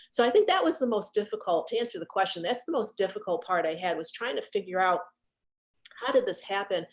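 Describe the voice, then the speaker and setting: Guest, middle-aged woman, slightly low voice, earnest and halting, on a video call. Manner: earnest, halting, repeats herself when recalling. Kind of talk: heartfelt conversation about grief.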